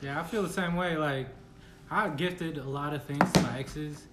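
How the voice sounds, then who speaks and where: A man's voice: fairly high pitch, moderate pace, heavy background noise. A man chatting casually on a podcast, chiming in with short reactions and laughter. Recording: echoey room.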